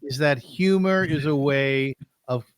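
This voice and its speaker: A man's voice: fairly high pitch, measured pace, clean tone, dry recording. A man hosting an interview show, talking in a chatty way and laughing easily. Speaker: host. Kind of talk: casual interview talk.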